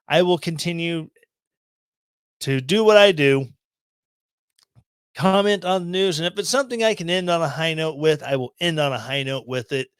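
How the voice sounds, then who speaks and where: A man's voice: fairly high pitch, fairly bright tone, clear, resonant tone, no echo. A man hosting a podcast, commenting on the news in a rambling, self-deprecating way with sarcastic asides, into a studio microphone. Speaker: podcast host.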